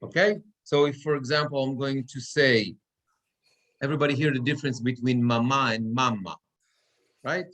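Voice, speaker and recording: A man's voice: medium pitch, a little fast, fairly bright tone. A cantor teaching Torah reading in a classroom, explaining step by step and checking in with his students often. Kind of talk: classroom lecture. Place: synagogue classroom.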